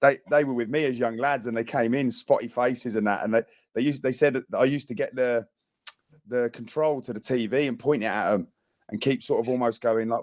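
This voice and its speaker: A British man with a mid-pitched voice chatting on a podcast. The sound is dry and close, and he rambles, repeating words as he goes. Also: fairly even intonation, brisk, a little mellow, no room sound. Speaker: podcast co-host, ex-footballer. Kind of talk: casual chat.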